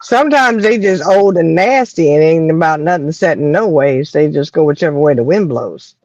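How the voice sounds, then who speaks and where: A woman's voice: deep voice, expressive, normal speed, darkish tone. A woman in casual chat, laughing often and quoting herself with attitude. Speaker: co-host. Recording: dry, dull lo-fi sound.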